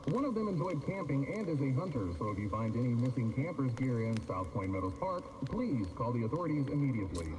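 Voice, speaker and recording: A man plays a radio newsreader heard inside a video game, delivering a formal bulletin with a lively, rising and falling cadence. The sound is echoey with a long reverb tail and a faint hiss underneath. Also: medium pitch, fast, hardly any pauses, close to an everyday voice. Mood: urgent. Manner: formal announcer reading. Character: male news announcer on in-game radio. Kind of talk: scripted news bulletin.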